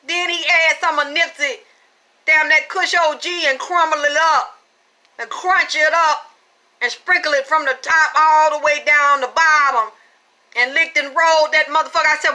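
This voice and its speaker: A middle-aged woman giving a spiritual reading, telling a story in blunt, salty, animated language. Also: high voice, moderate pace. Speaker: spiritual reader. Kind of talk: profane storytelling chat.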